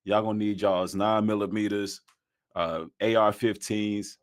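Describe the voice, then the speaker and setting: A man's voice: fairly low pitch, flat delivery, measured pace, clean tone. A man in a played video clip, commenting casually in hyped street slang.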